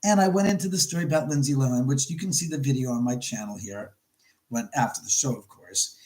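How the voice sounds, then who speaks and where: A man speaks fast in a mid-range, slightly mellow voice while hosting a casual live stream at home. He rambles and greets viewers by name, captured in low quality by the camera mic.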